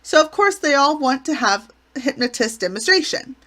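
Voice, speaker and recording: A woman's voice: sits high, very animated, moderate pace, a bit bright. Gushing woman recapping a sitcom. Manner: enthusiastic, gushing retelling. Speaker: channel host reviewing a classic sitcom. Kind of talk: casual episode recap.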